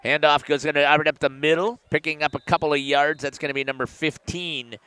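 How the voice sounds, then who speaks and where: A man doing play-by-play commentary for a local high school football game, getting louder and higher on big plays. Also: brisk, clean tone, dry recording. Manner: excited rising calls on big plays. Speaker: play-by-play announcer.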